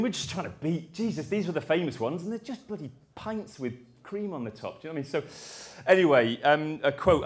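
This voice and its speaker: A man giving a conference talk, rambling and self-deprecating, with jokey asides. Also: on the high side. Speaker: conference speaker.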